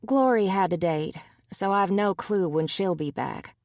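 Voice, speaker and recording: A woman narrator voicing a sassy, quick-witted young woman shifter in an audiobook. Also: lowish voice, no room sound, clean studio sound. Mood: wry. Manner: wry, sassy.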